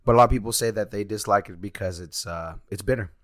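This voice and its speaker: A man's voice: fairly low pitch, fast, no room sound, clean studio sound. A young man from Texas chatting casually on a podcast, easygoing and joking as he rambles. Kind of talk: casual chat.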